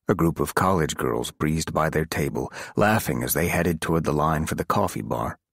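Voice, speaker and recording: A man narrating a thriller audiobook in a measured, dramatic reading. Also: a bass voice, expressive, gravelly, a bit bright, no echo, clean studio sound. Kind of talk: scripted narration.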